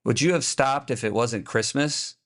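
A man voicing a talking male stray dog in a spoken short story, speaking quietly, sadly and gravely. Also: medium pitch, moderate pace, natural voice.

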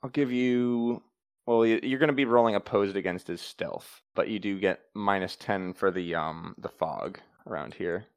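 A man running a tabletop game as game master, explaining rules and narrating in a calm, matter-of-fact way. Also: fairly low pitch, normal speed, clean tone, no room sound.

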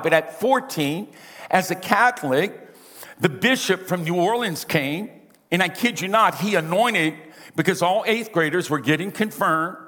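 A man preaching from the pulpit in a big, carrying voice that comes a little from the side of his mouth. His pitch sits fairly high for a man. His storytelling is folksy and self-deprecating, and long reverb trails each phrase in the church. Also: pushed and bright. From Louisiana. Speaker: pastor. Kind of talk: storytelling sermon. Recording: reverberant hall.

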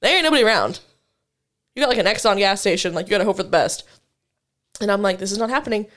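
A woman's voice: medium pitch, animated, fast, a bit bright. A young woman in her twenties, a podcast co-host telling a story in casual chat, laughing often.

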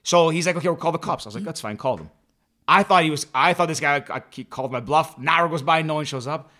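A young man from Canada, co-hosting a podcast, telling an animated story with his mother and laughing along the way. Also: on the high side, fast. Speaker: podcast co-host. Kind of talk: casual storytelling chat.

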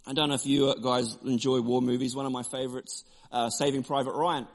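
A man preaching a sermon, emphatic and repetitive, shifting between forceful declarations and quieter storytelling. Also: medium pitch, a little fast, few pauses. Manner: emphatic, repeats key phrases, drops to quiet storytelling. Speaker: pastor.

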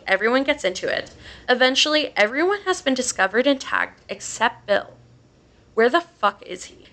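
Woman host, fairly high bright voice, reads a scary story in a loose, sweary way. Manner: casual, swears freely, laughs between lines. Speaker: podcast host. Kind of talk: reading a horror story aloud.

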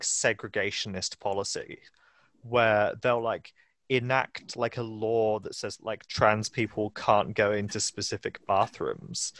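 A man's voice: medium pitch, a bit bright, no room sound. A man co-hosting a podcast, explaining at length with many fillers. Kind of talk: casual podcast discussion.

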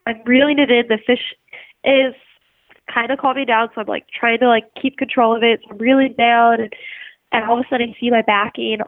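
A woman telling an animated, casual story, full of "like" fillers and swearing freely. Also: on the high side, fairly quick, no echo. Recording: tinny dry phone line.

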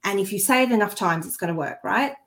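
A woman spiritual healer talks on a podcast in a relaxed, conversational way. She is earnest and heartfelt, and easily moved by what she says. She often restarts her sentences and slips in asides. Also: medium pitch, fast talker. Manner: chatty, with frequent restarts and asides. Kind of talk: casual conversational chat.

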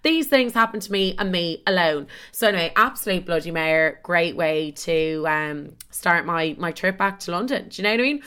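A woman's voice: on the low side, animated, normal speed, hardly any pauses, pushed and bright, smooth. A young Irish woman in her twenties hosting a casual solo podcast, telling stories in a chatty, dramatic, self-mocking way and swearing often. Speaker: podcast host.

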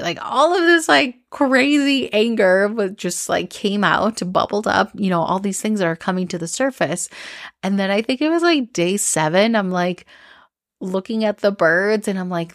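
A woman's voice: mid-range voice, animated, normal speed, dry recording, studio quality. A young woman hosting a podcast, telling a personal story in a candid, rambling way with lots of "like" and restarts. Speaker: podcast host.

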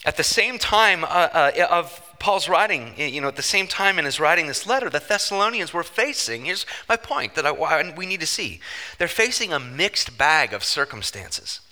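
A man preaching a sermon as pastor, emphatic and animated, with joking asides. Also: fairly high pitch, normal speed. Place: church sanctuary. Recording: long church-hall reverb.

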